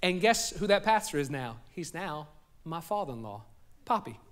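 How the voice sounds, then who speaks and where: A man's voice: fairly high pitch, big pitch swings, normal speed, fairly bright tone. A man with a Southern US accent, preaching a sermon to a congregation and telling a personal story with jokes for the crowd. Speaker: pastor. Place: church sanctuary.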